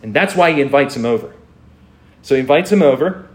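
A man's voice: fairly high pitch, animated, a little fast. A man preaching a sermon, retelling a story in an earnest, emphatic way.

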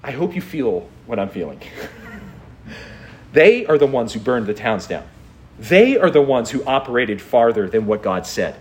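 A man's voice: medium pitch, very animated, normal speed, slight background noise. A man pastor preaching a sermon, reading scripture aloud and pressing his point with incredulous rhetorical questions.

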